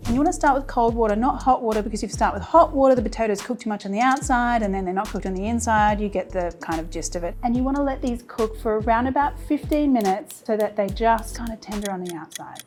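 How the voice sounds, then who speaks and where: A woman's voice: fairly high pitch, fast, few pauses, darkish tone, faint music behind. An Australian woman hosting her cooking show, chatty and enthusiastic as she walks through a recipe. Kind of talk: upbeat cooking demonstration.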